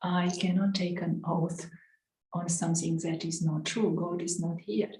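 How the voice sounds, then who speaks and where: A woman voicing a calm, unshakable young woman under twenty who quietly and firmly refuses. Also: lowish voice, measured pace, reverberant, close to an everyday voice, rough recording.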